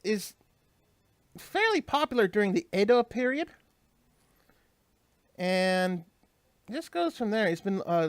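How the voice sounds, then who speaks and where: A man narrates his gameplay in a loose, rambling way, pausing and restarting as he explains. His pitch swings up and down with animated inflection. The sound is dry, with no room echo. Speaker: let's play host. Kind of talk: casual gameplay commentary.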